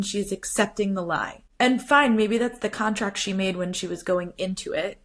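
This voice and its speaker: A woman hosting a podcast, talking casually and animatedly, retelling scenes with quoted lines and frequent "like" fillers. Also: medium pitch. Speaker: podcast host. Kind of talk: casual solo commentary.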